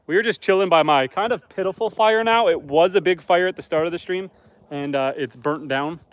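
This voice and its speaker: A man's voice: high-pitched, a little fast, dry recording. A man from Canada, a homesteader, chatting casually on a livestream outdoors by a campfire, reading viewer comments aloud and answering them.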